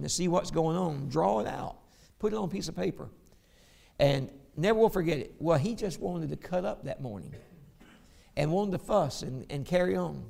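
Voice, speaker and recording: Man preaching, gravelly, slightly high voice, stories and scripture. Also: a little mellow. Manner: preaching with storytelling and scripture reading. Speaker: pastor. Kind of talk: sermon.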